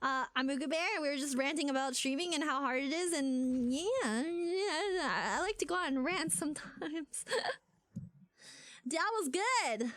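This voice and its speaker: A young adult woman streaming as a VTuber, chatting casually in an animated way with lots of fillers. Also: high-pitched, unhurried, no echo. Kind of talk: casual live-stream rant.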